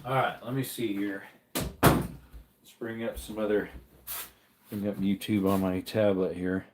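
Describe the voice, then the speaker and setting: Guy rambling on his stream while fiddling with old gun parts, kinda low voice. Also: flat delivery, measured pace, noisy background. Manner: reads chat comments aloud while tinkering. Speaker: livestream host. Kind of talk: casual livestream chat.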